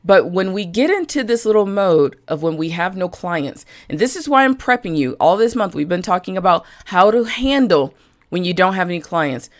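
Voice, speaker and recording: A woman business coach talking directly to live-stream viewers, chatty and frank, greeting people by name as she goes. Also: on the low side.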